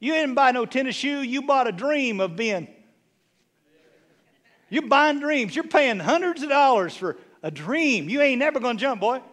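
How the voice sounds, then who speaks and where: Middle-aged bishop, male; very high, lively voice; snarky, teasing sermon delivery. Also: moderate pace. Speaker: bishop preaching.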